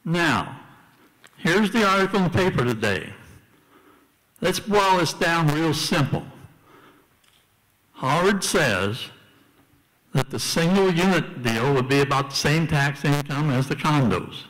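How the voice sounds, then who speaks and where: A man's voice: a little high, lively intonation, slow, pauses often, a bit bright, big-room sound, rough recording. A man giving blunt, argumentative public testimony at a city council hearing. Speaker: public commenter. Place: council chamber.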